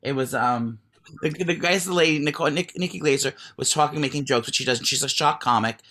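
Rambling fast-talking male podcast co-host. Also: fairly high pitch, bright, forceful tone. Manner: rambling, many restarts and fillers, giggly. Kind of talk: casual storytelling chat.

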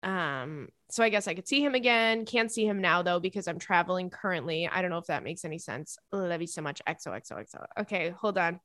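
A woman's voice: on the low side, expressive, fairly quick, hardly any pauses, a bit bright, no room sound, clean studio sound. A young woman hosting a podcast, chatty and giggly, reading sponsor ads and listener messages. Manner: chatty, giggly, lots of "like" fillers. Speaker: podcast host. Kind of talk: casual chat and ad read.

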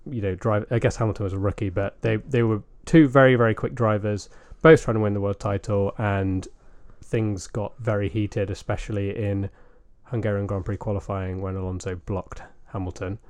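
Rich: A man co-hosts a podcast and speaks in a chatty way, recalling details with plenty of fillers. His voice sits fairly low. The sound is dry and close to the mic. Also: fairly even intonation, normal speed, few pauses, a little mellow, dry recording. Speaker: podcast co-host. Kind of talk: casual podcast chat.

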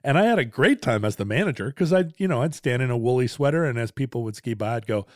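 Animated self-mocking male podcast co-host. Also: mid-range voice, fast, no room sound, studio quality. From Alaska. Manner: self-deprecating storyteller, animated. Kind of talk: casual chat.

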